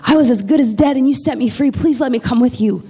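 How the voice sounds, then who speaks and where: A woman's voice: sits high, fast talker, dark tone, breathy edge. A woman voicing a freed, grateful man eagerly pleading to go along, as part of a retold story.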